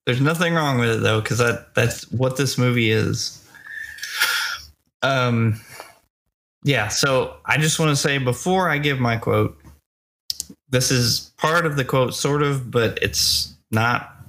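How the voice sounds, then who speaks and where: A man's voice: medium pitch, slow pace, pauses often, a bit bright. A man co-hosting a movie review podcast, talking casually and hesitantly with many fillers. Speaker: podcast co-host.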